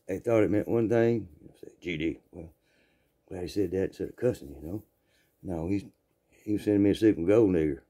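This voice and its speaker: A man's voice: low voice, brisk, dark tone. An older man in his sixties with a Southern accent, telling a funny story in a folksy, rambling way, often repeating his words. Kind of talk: casual spoken storytelling.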